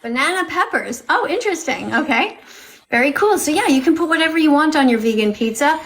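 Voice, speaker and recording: A woman's voice: high voice, lively intonation, brisk, a bit bright. A woman hosting a live stream, talking straight to her viewers and scolding them now and then. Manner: scolding, talks to viewers directly. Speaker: livestream host.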